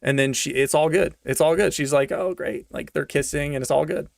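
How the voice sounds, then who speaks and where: A fairly quick, gravelly young male voice, pitched on the high side with fairly even intonation, tears into a movie in a casual, sarcastic rant full of slang and repetition for emphasis. The audio is studio quality with no room sound.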